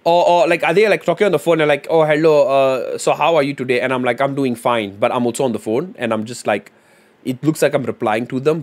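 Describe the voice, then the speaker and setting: A man live streaming, chatting loosely with his viewers and thinking aloud as he reads and types suggestions. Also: on the high side. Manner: thinks aloud and mumbles while reading chat; loose and slangy, with frequent fillers. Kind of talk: casual livestream chat.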